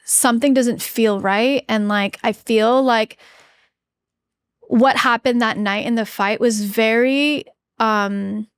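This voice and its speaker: A woman in her thirties, a podcast guest telling a personal story in an earnest, halting way, with many fillers and restarts. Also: on the high side, steady tone, clear, resonant tone, dry recording. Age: 30s. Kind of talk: candid interview storytelling.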